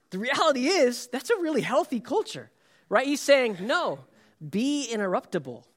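A middle-aged man preaching a sermon, telling stories and acting out quotes with laughter. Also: high-pitched. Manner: storytelling, animated, acts out quotes with laughs. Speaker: pastor.

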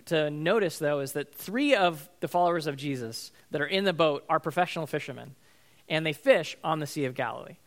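Probably a pastor, a man with a slightly high, sharp-toned voice gives a casual, conversational sermon. He uses lots of "um" and "like" and occasionally acts out the characters in the story.

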